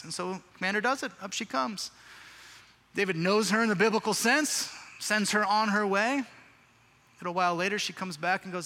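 A man's voice: high voice, brisk, pushed and bright. A male pastor preaching a sermon, telling a scripture story in a casual, slangy way. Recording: reverberant hall.

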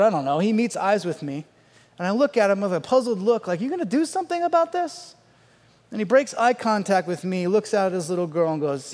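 On stage, a middle-aged man with a high voice tells a comic story, building to loud outbursts before dropping into quiet asides. A long reverb from a large hall trails his stand-up storytelling.

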